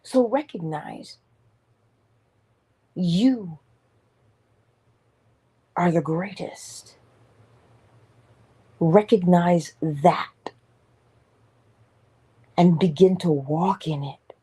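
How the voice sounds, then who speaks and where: A woman's voice: lowish voice, warm tone, husky. A woman giving an inspirational morning talk in an emphatic, preacher-like way, sometimes dropping to a whisper. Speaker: motivational speaker.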